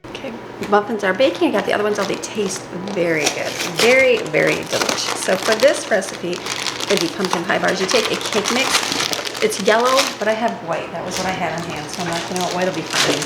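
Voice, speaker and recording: A woman's voice: mid-range voice, brisk. A woman talking casually while baking in her home kitchen, rambling and laughing easily as she works. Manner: rambling, laughs often, talks while cooking. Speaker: homemaker and mom baking at home. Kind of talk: casual chatty kitchen vlog. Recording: noisy home kitchen recording.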